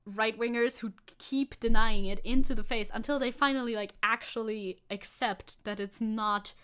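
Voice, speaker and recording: A woman's voice: on the high side, steady tone, normal speed, fairly bright tone, clear, resonant tone. A woman streamer giving casual, sarcastic commentary, laughing often and swearing. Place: hot room at home.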